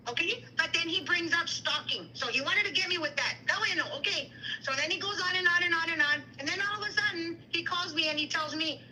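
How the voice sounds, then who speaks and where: Woman, very high bright voice, heated livestream rant, faint noise behind. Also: rough recording. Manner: indignant, rapid retelling with quoted dialogue, mixes Spanish.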